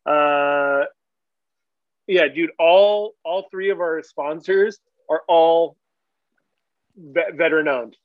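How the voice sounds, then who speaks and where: A man's voice: fairly high pitch, slow pace, long pauses, no echo. A man in his thirties hosting a podcast, laid-back and swearing casually, calling people "dude.". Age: 30s. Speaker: podcast host. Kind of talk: casual chat. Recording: dry, dull lo-fi sound.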